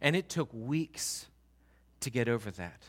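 A man preaching a sermon, telling a story with many restarts, dropping to hushed, slow prayer and rising to loud exhortation. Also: mid-range voice, animated. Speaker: pastor.

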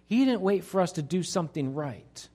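Pastor guy preaching in church, kinda higher voice, goes loud then drops real soft. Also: expressive, normal speed, husky. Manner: conversational preaching, rising and falling from loud emphasis to hushed. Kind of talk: sermon. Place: church sanctuary.

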